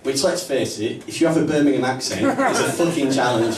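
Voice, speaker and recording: Northern English stand-up comic, lively pitch. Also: male voice, fairly quick, few pauses, very noisy. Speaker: stand-up comedian. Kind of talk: stand-up comedy set. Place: small comedy club in a pub. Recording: roomy, distant live mic, faint ambience.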